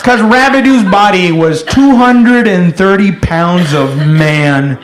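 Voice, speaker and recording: Male stand-up comic, rowdy storyteller, high-pitched, room echo. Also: takes it slowly, noisy background. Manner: rowdy storytelling with loud shouted voices. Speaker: stand-up comedian. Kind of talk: stand-up comedy set.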